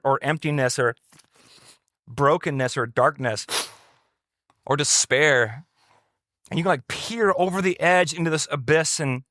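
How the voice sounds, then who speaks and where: Animated storytelling male pastor. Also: fairly high pitch, dry recording, studio quality. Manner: conversational, animated quoting of others in raised voice. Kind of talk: personal storytelling sermon. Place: church setting.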